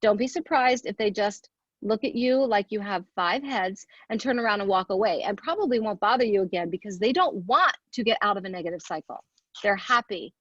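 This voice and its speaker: A woman's voice: mid-range voice, a bit bright, no room sound, lo-fi sound. A woman giving an earnest motivational talk, asking rhetorical questions and counting off her points. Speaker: speaker at a women's leadership event.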